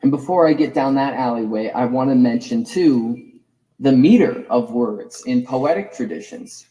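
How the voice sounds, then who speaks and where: A man's voice: mid-range voice, normal speed, warm tone, rough recording. A man giving a reflective, digressive lecture as a course teacher, musing over the roots of words.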